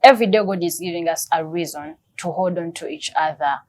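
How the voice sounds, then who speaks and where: Her voice fairly low and a little fast, a woman appears as an interview guest discussing her husband's illness. The talk is emotional and earnest, and she keeps repeating words while reaching for her next thought.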